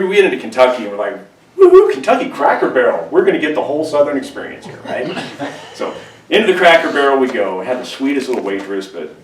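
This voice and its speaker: Joking pastor preaching in an echoey church. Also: male voice, on the low side. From California. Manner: joking, conversational, animated storytelling. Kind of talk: humorous sermon. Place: church sanctuary. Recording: echoey church room, distant mic, faint hiss.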